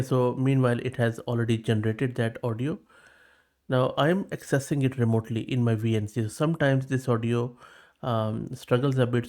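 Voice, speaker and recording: A man hosts a tech walkthrough in a casual, chatty voice. He talks at an even pace and often pauses on fillers. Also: mid-range voice. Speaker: tech video host.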